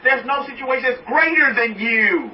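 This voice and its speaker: A man preaching a sermon as a rabbi, animated, swinging high and low, now chanting, now laughing along with his point. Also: moderate pace. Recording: echoey room, mic at a distance, dull sound, faint noise.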